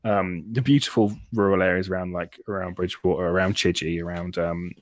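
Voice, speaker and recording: A man's voice: deep voice, fairly even intonation, fairly quick, no echo. A man in his twenties telling a long comic story on a podcast, rambling and self-deprecating, with lots of restarts. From Britain. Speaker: podcast host.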